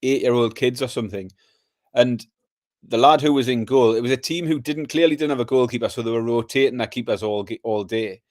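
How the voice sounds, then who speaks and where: A man co-hosting a podcast in casual chat, telling relaxed everyday stories. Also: mid-range voice, a little fast, no echo, studio quality. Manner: relaxed, storytelling, says aye. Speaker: podcast co-host.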